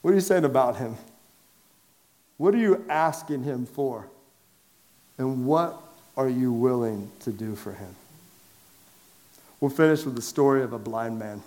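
A man preaching to a large church congregation, conversational and lively, asking them direct questions and raising his voice for emphasis. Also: mid-range voice, a little slow, pauses often. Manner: lively and conversational, swings from quiet asides to loud emphatic calls. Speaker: pastor. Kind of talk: sermon. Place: large church sanctuary with a downstairs.

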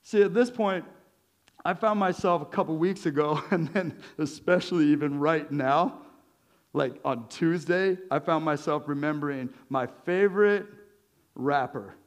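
A male pastor giving a conversational sermon, lively and joking, with chuckles between his points. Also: fairly high pitch, measured pace.

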